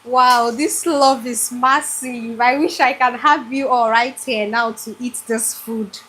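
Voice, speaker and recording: A woman's voice: a little high, fairly even intonation, takes it slowly, sharp tone, a little hiss or hum. A Nigerian woman hosting a live cooking stream from her home kitchen, talking to her viewers in an effusive way, with a generator running behind her. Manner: effusive, talks straight to viewers. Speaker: cooking show host.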